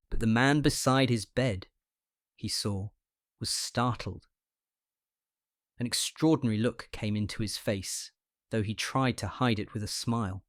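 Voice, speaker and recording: A male audiobook reader delivers scripted narration of a short story, unhurried and measured in his storytelling. His voice is lowish, and the studio sound is clean with no room sound.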